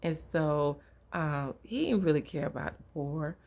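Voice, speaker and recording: A woman preaching an informal sermon, telling a personal story in a conversational, lively way. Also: deep voice, a little slow.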